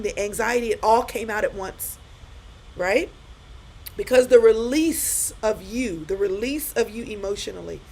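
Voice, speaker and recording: A woman's voice: a little high, a little mellow, poor audio. A middle-aged woman giving a live-stream pep talk to viewers, repeating her points with emphasis and speaking straight to them.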